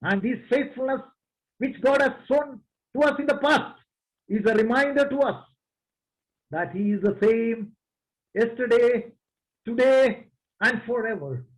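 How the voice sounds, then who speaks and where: Slow, high-voiced preacher. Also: male voice, low-quality recording. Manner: slow, emphatic, addresses the congregation. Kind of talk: sermon.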